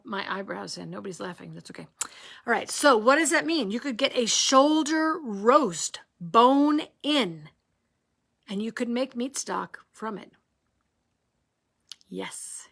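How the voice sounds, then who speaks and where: A woman teaching a live online cooking lesson in an animated way. She asks rhetorical questions, keeps checking in with her audience and jokes with them. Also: on the high side, measured pace, vocal fry.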